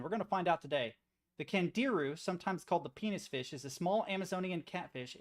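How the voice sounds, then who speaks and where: A young man streaming, chatting casually and reacting to articles, swearing freely and rambling through stories. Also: high-pitched. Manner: profane, rambling, easily amused.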